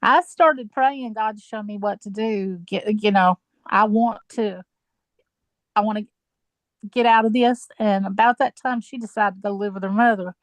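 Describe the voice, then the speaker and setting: A woman's voice: mid-range voice, moderate pace, no echo. An older woman chatting as a guest, telling long stories and laughing easily. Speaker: guest sharing experiences. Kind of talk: casual chat.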